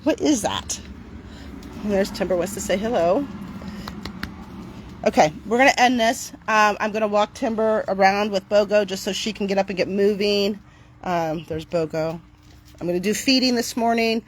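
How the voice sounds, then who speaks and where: A middle-aged woman talking casually to camera outdoors on her property, chatty and upbeat, switching to a bright cheery voice when she greets her dogs. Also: mid-range voice, normal speed. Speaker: dog owner vlogger.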